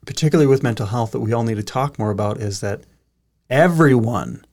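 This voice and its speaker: A man's voice: medium pitch, brisk, darkish tone. A man hosting a podcast, talking in a casual, earnest and reflective way. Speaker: podcast host. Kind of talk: casual conversation.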